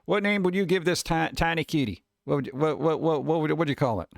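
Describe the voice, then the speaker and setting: A man with a slightly high voice chats in a loose, laid-back way, as a stream host. His voice sits close and dry on the mic. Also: fast talker, gravelly, dry recording. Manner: laid-back, chatty, trailing off into asides. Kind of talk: casual live-stream commentary.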